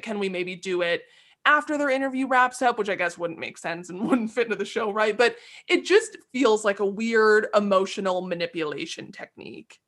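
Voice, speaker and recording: A woman co-hosting a casual podcast, voicing strong opinions with plenty of emphasis. Her pitch sits in a typical middle range, and she often rises to make a point. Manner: animated, opinionated, quick to vent. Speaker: podcast co-host. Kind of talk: casual chat.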